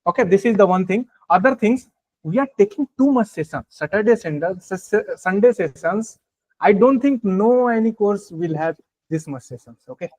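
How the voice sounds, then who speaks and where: A man teaching an online class, reassuring and hurried, with many fillers. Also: high voice, darkish tone, dry recording, rough recording. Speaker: course instructor. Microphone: video call.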